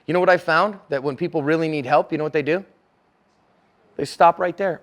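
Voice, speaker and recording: A man's voice: on the high side, brisk, pauses often. A middle-aged man giving a conference lecture as a self-defense instructor, speaking conversationally and acting out dialogue in character voices.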